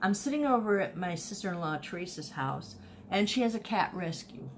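A woman's voice: mid-range voice, animated, brisk, slight background noise. A woman, chatting casually and animatedly about her thrift finds, often repeating herself as she tells a story. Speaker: online reseller showing thrift finds. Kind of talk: casual haul video chat.

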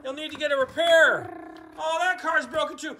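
A woman playing with toy cars alongside a child, narrating the action in an animated way with sound effects. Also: high-pitched, moderate pace, a little hiss or hum. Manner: animated, makes sound effects and voices for toys. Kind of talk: playful toy play narration.

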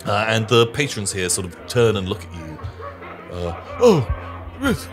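A man narrating a tabletop game as game master in a relaxed, rambling way. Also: on the low side, brisk, over music.

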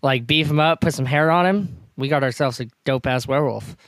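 A man's voice: medium pitch, a little fast, a bit bright, no room sound. A man co-hosting a podcast, laid-back and profane, often trailing off. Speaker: podcast co-host. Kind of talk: casual chat.

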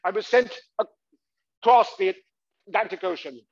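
A man performing as a middle-aged novelist and wartime spy, who tells his perilous journey gravely and with rising worry. The voice sits a little high for a man. The live theatre recording sounds somewhat muffled. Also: moderate pace. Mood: recounting. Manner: first-person recollection, grave and anxious. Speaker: solo stage performer. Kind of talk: one-man stage monologue.

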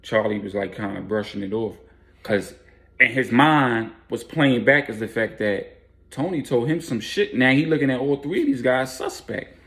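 A man's voice: mid-range voice, animated, moderate pace, a bit bright. A man casually narrating a street story in laid-back slang with fillers.

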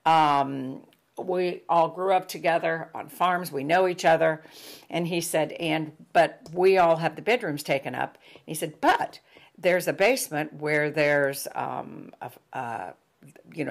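A middle-aged woman with a low voice tells a personal story from her own life. She speaks reflectively and haltingly, pausing often on fillers and starting her sentences over. Her pitch stays low throughout. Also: creaky. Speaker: host telling a personal story.

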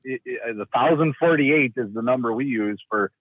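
A man's voice: medium pitch, a little fast, dry recording. A man from Minnesota, a guest in a casual interview, hesitant with many restarts and fillers. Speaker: guest, county rural initiative coordinator. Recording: tinny phone-like line.

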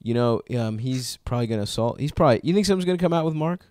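A man's voice: mid-range voice, expressive, rapid-fire, a little mellow, clear, resonant tone, no room sound, studio quality. A man co-hosting a comedy podcast, trading crude, sarcastic jabs in casual banter. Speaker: podcast co-host.

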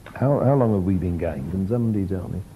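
A man's voice: low voice, fast, a little hiss or hum, rough recording. An older man giving an informal lecture, telling stories with a chuckle. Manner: lively storytelling, chuckling.

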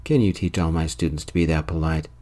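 A man voicing a woman teacher in her mid-thirties in a soft-spoken whispered role-play, lifting his voice a little for her. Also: rumbling low, fairly even intonation, fast talker. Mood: polite, curious. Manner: soft, slightly raised voice. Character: stern middle-aged woman teacher.

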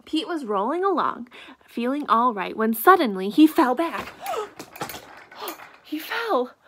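A woman reading a children's picture book aloud, gasping and dropping into soft whispered asides and asking her young listeners questions. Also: on the high side, big pitch swings, moderate pace, a little hiss or hum.

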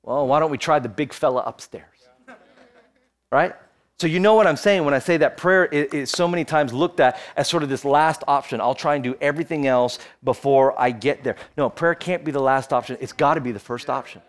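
A man's voice: on the high side, a little fast. A man in his thirties preaching a sermon as pastor, telling a personal story and building to fervent exhortation. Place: church, streamed online.

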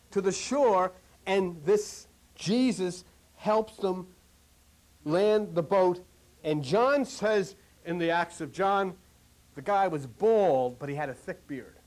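High-voiced preacher, animated sermon. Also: male voice. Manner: conversational, repetitive, rising to animated emphasis.

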